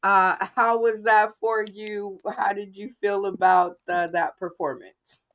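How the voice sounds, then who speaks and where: Slow-talking woman hosting a comedy show. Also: medium pitch, steady tone. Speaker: game show host.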